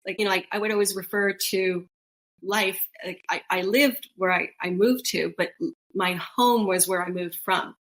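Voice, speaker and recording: A woman's voice: mid-range voice, normal speed, a little hiss or hum. A middle-aged woman co-hosting a podcast, chatting casually and acting out quoted voices as she tells stories. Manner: animated storytelling, acts out quoted voices with laughs. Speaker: podcast co-host. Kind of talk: casual conversational podcast chat.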